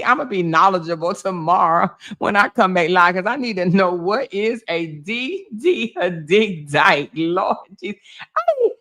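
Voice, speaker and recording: Hoarse woman live-chatting with viewers. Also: medium pitch, normal speed. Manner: loud, laughing, animated, talking to chat as "y'all". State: hoarse with laryngitis. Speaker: livestream host. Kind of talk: casual livestream chat reacting to viewers.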